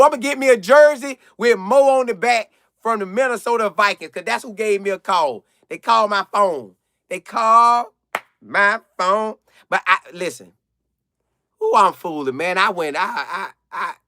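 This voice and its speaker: A young adult man, hosting a casual live chat and answering viewers in an animated way, repeating phrases for emphasis. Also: sits high, no room sound, studio quality.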